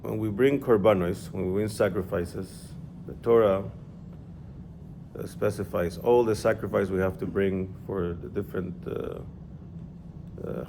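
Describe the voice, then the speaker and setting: Male teacher, lowish voice with some fry, patient explainer in a casual one-on-one class. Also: mellow, slight background noise. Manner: explanatory, checks in with "yeah?". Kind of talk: informal religious class.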